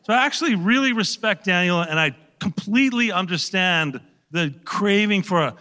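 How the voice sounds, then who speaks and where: A man, an actor guest, telling an animated anecdote on a talk show, laughing and swearing now and then. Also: sits high, moderate pace, in a large hall.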